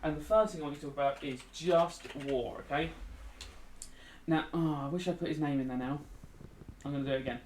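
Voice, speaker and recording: A man gives a relaxed revision lesson as he plays a game, sounding a little tired and yawning at times. His voice sits a touch high, and he keeps checking in with "okay?" while keys clack behind him. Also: brisk, pauses often, a little hiss or hum. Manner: chatty, frequent "okay?" check-ins, talks while typing. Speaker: teacher.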